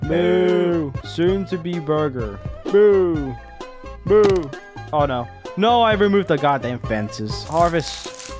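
A man giving let's-play commentary on a game, excitable and exclaiming with frequent laughs. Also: a little high, unhurried, music in the background. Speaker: gaming YouTuber.

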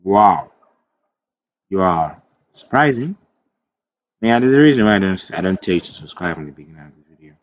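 A man's voice: low voice, very animated, moderate pace, long pauses, lo-fi sound. A man teaching web development in a screen-recorded coding tutorial. He thinks aloud as he types, corrects himself, and drifts into chatty asides.

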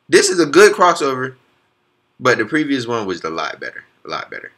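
Hyped young man with a lively voice. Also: medium pitch, fairly quick. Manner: excitable, slangy, talks back at the clips. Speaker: reaction video host. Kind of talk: hyped casual commentary.

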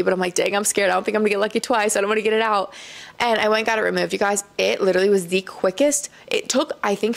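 A young woman from Iowa hosts a casual solo podcast in a mid-range voice with vocal fry, sounding tearful and choked up. She talks candidly and chattily, full of "like" and "um," and laughs often.

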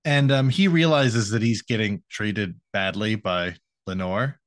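A man's voice: lowish voice, a little slow. A young man co-hosting a podcast, retelling an episode in a loose, profane, laughing way. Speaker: podcast co-host. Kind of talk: casual recap chat.

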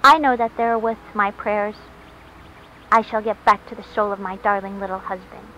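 A woman's voice: medium pitch, fairly even intonation, moderate pace, natural voice. A woman voicing a gushing, self-pitying old widow. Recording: dull lo-fi recording, faint hiss.

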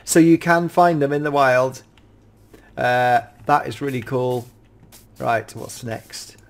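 A British man giving casual, excitable gameplay commentary as a YouTube reviewer, often gasping and exclaiming in wonder. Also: mid-range voice, takes it slowly, creaky. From United Kingdom.

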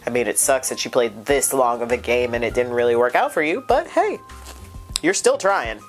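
A woman hosting a reaction video in casual chat, excitable and gushing, sounding stuffed up from crying. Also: moderate pace, faint music behind. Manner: excitable, gushing, with big pitch jumps.

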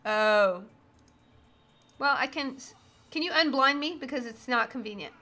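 A woman's voice: sits high, animated, a little slow, bright, forceful tone. A woman in her thirties streaming a video game, chatting casually and breaking into silly singing and humming as she plays. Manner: goofy, sings and hums while playing. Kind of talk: casual gaming chat.

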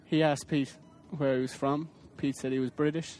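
High-voiced man quipping dryly. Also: little pitch movement, normal speed, darkish tone. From Germany. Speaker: fellow traveller, roommate. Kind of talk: casual travel chat.

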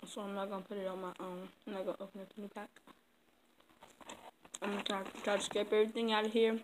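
A woman's voice: medium pitch, little pitch movement, quick pace. Woman, casual eating vlog, chatty and loose, noisy background. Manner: chatty, loose, talks with her mouth full. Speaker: vlogger.

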